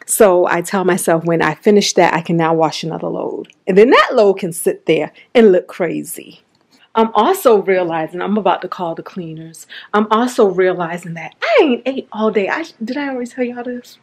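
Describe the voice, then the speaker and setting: A woman's voice: lowish voice, normal speed. Chatty woman vlogging at home. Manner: chatty, talks straight to viewers with "y'all". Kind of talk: casual home vlog talking to camera. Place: inside a home, walking between rooms.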